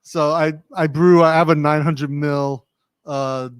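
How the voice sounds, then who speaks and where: A man with a New England accent chats easily as a livestream host, his voice sitting a little high. The sound is close and dry, recorded in a studio with no room echo. He rambles along in a laid-back, agreeable manner. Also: fairly even intonation, unhurried, clean tone. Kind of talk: casual livestream chat.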